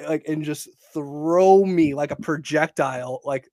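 Young male co-host, slightly high voice, rambling and profane. Dry, close sound. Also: measured pace, warm tone, no echo. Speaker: podcast co-host. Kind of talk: casual chat.

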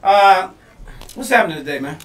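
A man co-hosting a podcast in casual comedic chat, loud and laughing often. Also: high-pitched, normal speed, distant mic. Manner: loud, animated, laughing a lot. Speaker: podcast co-host. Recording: echoey room, off-mic, faint noise.

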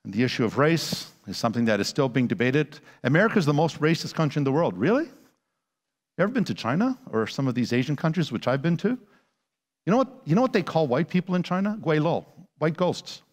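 A man giving a conference lecture with slides as a Christian apologist, animated and sarcastic, full of rhetorical questions. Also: on the high side, fairly quick. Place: church conference hall. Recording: long hall reverb.

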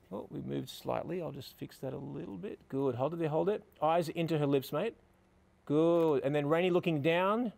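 This middle-aged photography instructor's voice sits a little high, with a gravelly yet slightly mellow quality. He's working outside next to a building, guiding a couple through poses and encouraging them with cheerful praise.

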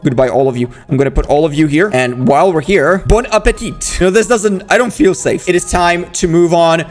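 A young man talks through a game, excitable and quick to exclaim. His voice sits a little on the high side, and he keeps cheering on the characters on screen. Faint game music plays underneath. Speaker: gaming YouTuber. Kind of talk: casual gameplay commentary.

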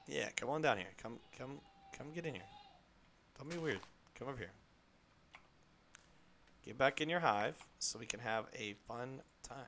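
Bright excitable male gaming streamer. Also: medium pitch, moderate pace, creaky, pauses often, slight background noise. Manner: excitable, rambling, talks to chat and to game creatures. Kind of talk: live gameplay chat.

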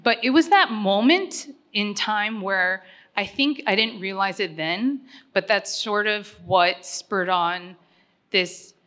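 A woman's voice: medium pitch, takes it slowly, pushed and bright. A middle-aged woman giving a personal acceptance speech at a gala, talking earnestly and conversationally with frequent fillers.

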